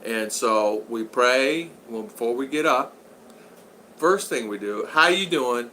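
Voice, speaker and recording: A man's voice: mid-range voice, takes it slowly, pushed and bright, a little hiss or hum, poor audio. A man in his sixties hosting a casual livestream, reading viewer comments aloud in a rambling, folksy, joking way. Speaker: channel host.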